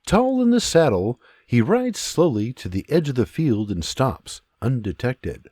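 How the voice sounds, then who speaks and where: A man narrating a historical audiobook in an unhurried, expressive storytelling manner. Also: mid-range voice, slightly rough, dry recording, clean studio sound.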